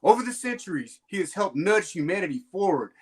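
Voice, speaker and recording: A man's voice: sits high, sing-song, brisk, husky. A man co-hosting a casual comic book podcast, talking playfully. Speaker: podcast co-host. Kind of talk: casual chat.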